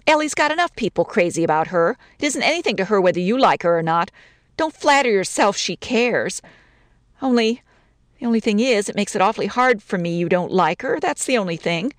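A woman's voice: mid-range voice, lively intonation, no echo, natural voice. A woman reading as a touchy young bride. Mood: aggrieved. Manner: wounded, sarcastic, rapid rambling complaints. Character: touchy young newlywed bride, quick to take offense. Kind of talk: dramatic story reading.

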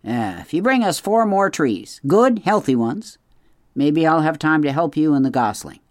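A man's voice: a little high, sing-song, normal speed, no echo, clean studio sound, voice pushed up. Male reader playing grumpy old-school beaver dad, mutters, storybook voice. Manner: gruff, muttering, grudging. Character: stubborn grumbling male beaver father.

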